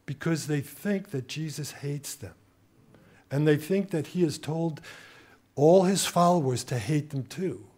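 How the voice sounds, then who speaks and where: A man delivering an impassioned sermon, his voice pitched somewhat higher than most men's. He tells stories with animation, often acting out the lines of the people he quotes. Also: unhurried, a little mellow. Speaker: preacher.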